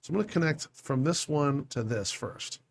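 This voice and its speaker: A man's voice: fairly high pitch, expressive, moderate pace, creaky, a little hiss or hum. A man playing a video game who thinks aloud as he plans, talking to himself in a casual, scattered way, frustrated and swearing a little. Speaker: let's play gamer. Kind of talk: casual gameplay commentary.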